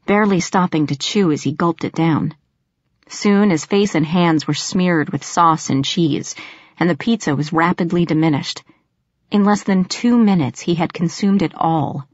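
Female audiobook narrator, first person; lower voice, tense and sharp-edged, close dry recording. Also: no echo. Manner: tense storytelling, sharp snapping in dialogue. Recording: slightly dull lo-fi audio.

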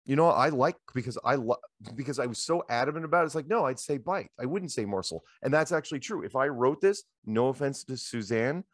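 A middle-aged man hosting a show, telling rambling anecdotes in a casual, animated way into a handheld microphone. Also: mid-range voice, a little fast, few pauses, no echo, clean studio sound. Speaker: show host. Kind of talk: casual storytelling chat.

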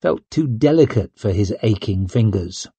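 Husky male audiobook narrator. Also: on the low side, animated, moderate pace, dark tone, dry recording. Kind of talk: scripted narration.

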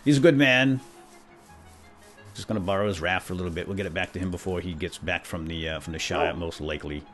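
A man's voice: deep voice, quick pace, a bit bright. A man role-playing a bumbling, self-important knight who chatters at his animal companions in a playful, comic manner. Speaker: role-play gamer narrating in character. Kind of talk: comedic in-character role-play. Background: faint background music.

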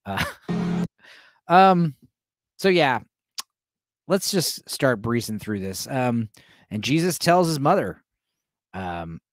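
Lively joking man talking over a film. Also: mid-range voice, takes it slowly, long pauses, dry recording, clean studio sound, faint music behind. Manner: joking, rambling, addresses the chat with many fillers. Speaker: host reacting to a film for a live chat. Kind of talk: casual watch-along commentary.

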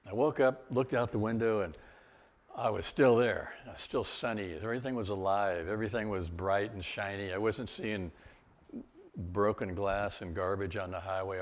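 An older man giving a guest-speaker testimony, telling his story in a lively way with laughs and sudden exclamations. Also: fairly low pitch, moderate pace. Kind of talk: testimony talk.

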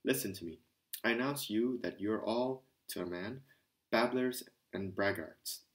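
A man voicing a hearty, impatient young man who lectures and scolds loudly. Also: on the low side, measured pace. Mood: scolding. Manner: blustering, hectoring.

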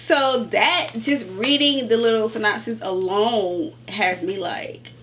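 A woman's voice: a little high, measured pace, a little hiss or hum. Gushing woman chatting about books. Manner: animated, gushing, addresses viewers as y'all. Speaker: book vlogger. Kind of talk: casual book haul chat.

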